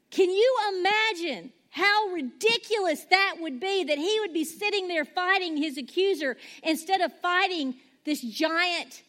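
A woman pastor preaching a sermon, animated and acting out the quoted lines. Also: high-pitched.

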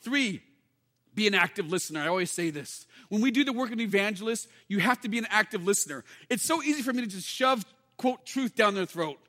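A male pastor with a notably high voice, preaching to his church. He talks earnestly and casually and keeps asking questions and answering them himself. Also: expressive, a little fast, sharp tone. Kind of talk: sermon.

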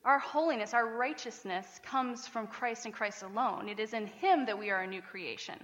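A woman pastor preaching a sermon in a chatty, animated way, often laughing between points. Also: on the high side, moderate pace, highs cut off. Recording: reverberant church hall.

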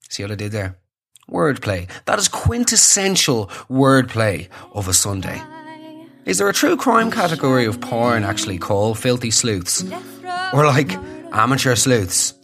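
A young Irish man hosting a comedy podcast, rambling through self-mocking tangents. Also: medium pitch.

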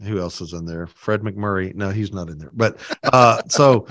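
A man co-hosting a podcast, wry and teasing in casual chat, halting with fillers. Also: lowish voice, a bit bright, dry recording, studio quality. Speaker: podcast co-host.

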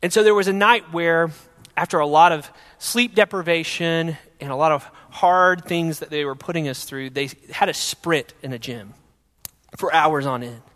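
A young man telling his personal faith testimony in an earnest storytelling way, going from loud to hushed. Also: fairly high pitch, normal speed, big-room sound.

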